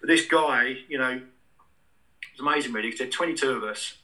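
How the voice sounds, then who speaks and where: A man with a very bright, sharp and forceful voice, recounting his experiences at length as an interview guest. He rambles along casually, circling back and restarting his sentences as the story unfolds. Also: mid-range voice, a little fast, low-quality recording. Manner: rambling anecdotal, many restarts and fillers.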